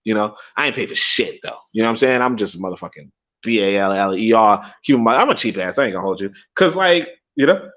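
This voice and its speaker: A man's voice: on the low side, expressive, quick pace, fairly bright tone. Rambling, profane young man on a stream. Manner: rambling, profane, laughs often, repeats himself. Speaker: livestream host. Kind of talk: casual storytelling livestream. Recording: dull lo-fi stream audio.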